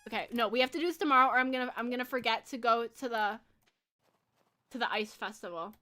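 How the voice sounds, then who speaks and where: Brief: giggly American female streamer, young adult, high and bright, casual chat with viewers. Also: fast. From United States. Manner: bubbly and giggly, chatting with viewers. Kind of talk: casual live-stream chat while gaming.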